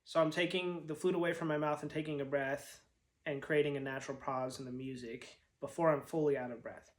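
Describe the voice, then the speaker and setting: A man's voice: fairly high pitch, steady tone, brisk, slight background noise. Patient man teaching flute. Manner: patient, step-by-step explaining. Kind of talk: instructional demonstration.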